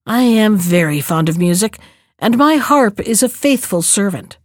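A woman voicing a huge roaring male giant in a storybook reading, booming and menacing. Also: lively intonation, unhurried, dry recording, studio quality, close to an everyday voice. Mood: commanding.

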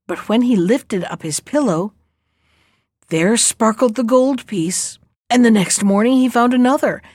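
Female storyteller, calm and measured, fairly high voice, dry close recording. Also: no room sound. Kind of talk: fairy tale narration.

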